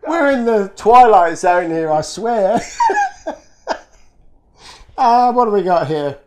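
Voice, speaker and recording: A man hosting a toy car channel, chatting casually and excitedly as he opens fan mail, laughing often. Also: high-pitched, takes it slowly. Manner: excitable, laughs often, talks to himself while opening parcels. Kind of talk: casual unboxing commentary.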